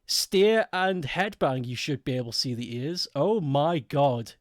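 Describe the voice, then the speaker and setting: A man's voice: fairly high pitch, lively intonation, a little slow, no room sound, clean studio sound. A man chatting casually with his viewers while streaming a game, often laughing. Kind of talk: casual live-stream chat while gaming.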